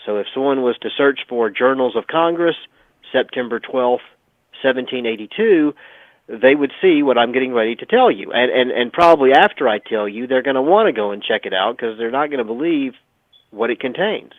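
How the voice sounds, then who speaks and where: A man's voice: medium pitch, expressive, fairly quick, dry recording. A man on a radio talk show telling a history story in an emphatic, sometimes sarcastic way. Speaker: radio guest. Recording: tinny phone line, dry.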